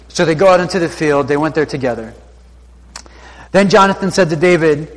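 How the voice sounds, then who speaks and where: Slightly high man in a reverberant hall. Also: brisk. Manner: reads verses, then paraphrases in slangy everyday talk. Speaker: Bible teacher. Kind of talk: scripture reading with casual retelling.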